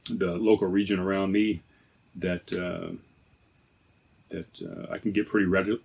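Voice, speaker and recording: A man hosting a podcast in casual chat, rambling and correcting himself as he talks from inside a trailer. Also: medium pitch. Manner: rambling, self-correcting, chatty. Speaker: podcast host. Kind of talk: casual beer-tasting chat.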